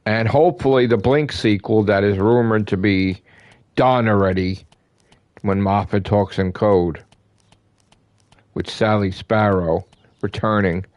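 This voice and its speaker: A man's voice: lowish voice, fairly even intonation, measured pace, pauses often, darkish tone, dry recording, dull audio. A man hosting his own channel, delivering an emphatic, profane fan rant and repeating himself for emphasis. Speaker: gaming channel host. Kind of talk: excited fan rant to camera.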